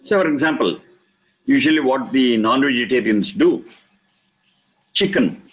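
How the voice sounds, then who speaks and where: Husky man lecturing with emphatic repetition. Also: medium pitch, animated, low-quality recording. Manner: slow, emphatic, repeats key words for stress. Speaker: Vedic scripture teacher. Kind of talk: lecture explaining scripture.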